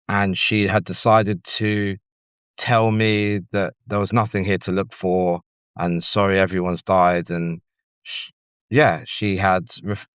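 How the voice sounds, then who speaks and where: A man from North London with a London accent, a podcast guest telling his personal story candidly, halting and restarting often and swearing frankly. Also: low voice, fairly bright tone, smooth, no echo, muffled recording. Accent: London English.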